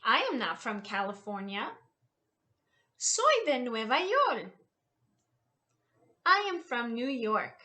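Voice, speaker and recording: A woman tutor teaching a language lesson over a headset mic, repeating each word slowly for her learners. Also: fairly high pitch, very animated, pushed and bright. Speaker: Spanish tutor. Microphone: USB headset.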